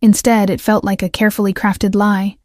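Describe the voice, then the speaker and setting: A woman narrating a first-person romance audiobook in a measured, even way. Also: mid-range voice, no echo, clean studio sound.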